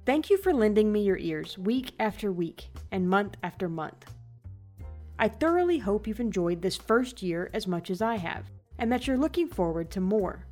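A woman hosting a podcast, reading scripted narration about the origin of an idiom. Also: medium pitch. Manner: laughing at her own flubbed words in outtakes. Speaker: podcast host.

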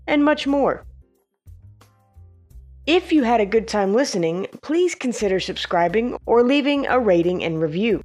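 A woman hosting a podcast, talking in a playful, self-mocking way. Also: medium pitch. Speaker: podcast host. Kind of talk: scripted podcast outro and blooper chat.

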